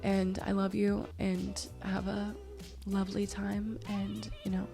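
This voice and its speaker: A young woman hosting her own podcast with a raspy, hoarse voice, giving earnest advice and repeating points for emphasis. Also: medium pitch, monotone, slow, music in the background. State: hoarse, voice tired. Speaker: podcast host. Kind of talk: solo podcast talk.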